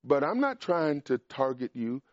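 A man preaching a sermon in an emphatic, animated way, pushing up in pitch and volume on key points. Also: measured pace, dry recording. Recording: dry, dull lo-fi sound.

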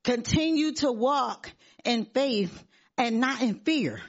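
A woman's voice: a little high, slow pace. A middle-aged woman giving an earnest church testimony, often repeating herself and laughing as she talks. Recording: dull lo-fi sound.

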